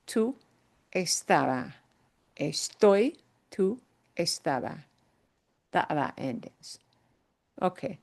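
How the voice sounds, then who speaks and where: A woman's voice: lowish voice, sing-song, slow, vocal fry, long pauses, a little mellow. A woman teaching a Spanish grammar lesson, encouraging and checking in often with her students, drawing out key words for emphasis.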